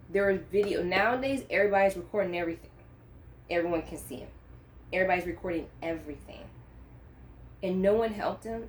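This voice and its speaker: A Christian vlogger, a woman with a low, a little mellow voice, speaks unscripted about her faith to the camera. She is earnest and impassioned, choked up as she builds to emphatic peaks, with a faint hiss in the audio.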